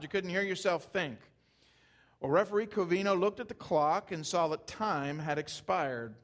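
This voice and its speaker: A man's voice: a little high, a bit bright. A man preaching a sermon, telling stories conversationally and building emphasis as he goes. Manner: conversational storytelling, rising emphasis. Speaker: pastor.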